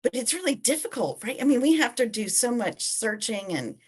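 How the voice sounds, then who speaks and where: A woman hosts a casual panel talk in a slightly high voice. She speaks in a loose, chatty way. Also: very animated, fairly quick, slightly rough. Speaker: host.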